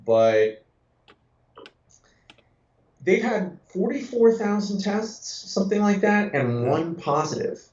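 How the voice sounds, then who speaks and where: A man co-hosting a casual fantasy football podcast, talking in a relaxed, conversational way. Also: high voice, slow pace, long pauses. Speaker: podcast co-host. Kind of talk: casual sports chat. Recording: echoey, dull lo-fi sound.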